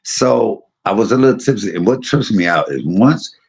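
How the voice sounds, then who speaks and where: A middle-aged man casually telling a personal story, animated and laughing, using street slang and acting out quotes. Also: on the low side, normal speed, gravelly.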